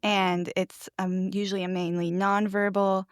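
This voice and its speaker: A woman's voice: medium pitch, little pitch movement, measured pace, smooth, no room sound, studio quality. A young woman from the Pacific Northwest with a light regional accent, co-hosting a podcast in casual chat and laughing often. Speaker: podcast co-host.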